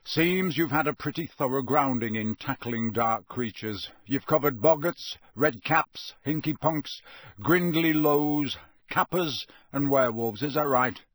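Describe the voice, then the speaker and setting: A man reading aloud, voicing a gruff, scarred old male wizard teacher who speaks in a blunt growl. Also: mid-range voice, a little slow, no room sound, close to an everyday voice.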